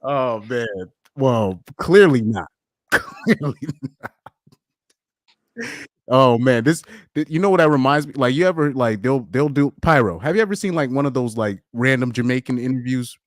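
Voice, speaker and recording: A man hosting a casual live stream chat, talking in an animated, rambling way, with frequent laughs and repeated words. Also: medium pitch, normal speed, no echo, studio quality. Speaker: podcast host.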